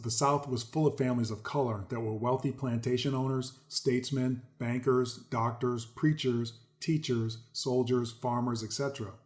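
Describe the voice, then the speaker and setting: A man reads passages aloud and breaks in with his own commentary. His pitch sits in an ordinary middle range for a man. He leans hard on key words, repeats them for weight and keeps calling his viewers folks. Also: a little mellow. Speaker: host. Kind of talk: commentary reading articles aloud.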